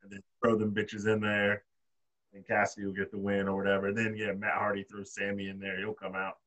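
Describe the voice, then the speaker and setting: A low-voiced man co-hosts a laid-back podcast chat and talks through his reasons with fillers. He sits a little away from the microphone, so he sounds slightly distant. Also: monotone, brisk, fairly bright tone. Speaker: podcast co-host. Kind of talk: casual chat.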